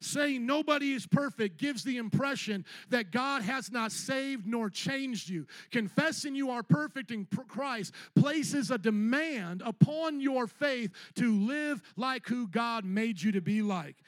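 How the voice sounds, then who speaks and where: Preaching in church, a pastor delivers an animated sermon in a voice unusually high for a man, unhurried with few pauses. He acts out congregation members in put-on voices and builds to ringing shouts at the peaks. The sound is close and dry, with almost no room echo.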